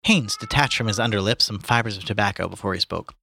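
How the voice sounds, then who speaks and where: Guy reading a book out loud to friends, lowish bright voice, trips on big words. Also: quick pace, gravelly, slight background noise. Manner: casual, stumbling over hard words and correcting himself. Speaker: reader. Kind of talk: reading a novel aloud to friends.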